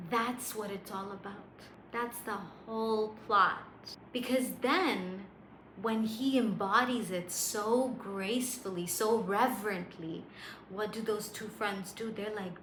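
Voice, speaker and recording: A woman giving a motivational faith talk as a spiritual coach, casual and slangy, telling an animated story. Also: medium pitch, takes it slowly. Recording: roomy echo, faint hiss.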